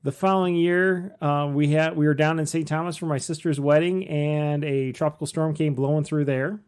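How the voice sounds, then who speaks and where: A man's voice: a little high, fairly even intonation, normal speed, a little mellow, clear, resonant tone. A middle-aged man hosting a casual podcast, rambling and joking with lots of fillers. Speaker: podcast host.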